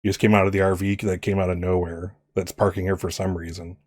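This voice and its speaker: A man's voice: low voice, flat delivery, fast talker, no echo, studio quality. An older man narrating as game master, rambling with many fillers.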